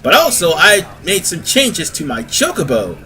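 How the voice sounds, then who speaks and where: A man's voice: sits high, huge pitch swings, normal speed, bright, forceful tone. A man giving casual, rambling let's-play commentary as host of a gaming video, often correcting himself. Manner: chatty, rambling, self-correcting.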